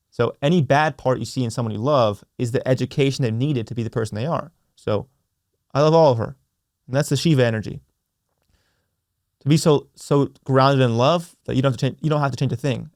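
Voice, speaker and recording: Earnest and reflective, a young podcast host talks alone, returning to his key phrases and repeating them slowly for emphasis. His voice sits at a middle pitch and is a little mellow. The recording is close and dry, with no room sound.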